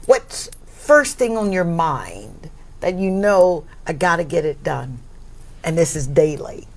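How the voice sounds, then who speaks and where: A woman hosting a talk show, effusive and grateful, laughing often and breaking into high exclamations. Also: big pitch swings, slow. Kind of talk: warm talk show interview.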